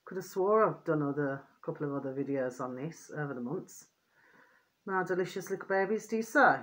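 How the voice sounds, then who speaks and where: A woman vlogger with a low, expressive voice talks a little fast, rambling and repeating herself to her viewers. She's often irritated and venting, leans on pet phrases, and keeps asking "do you see what I mean" in this loose, casual monologue.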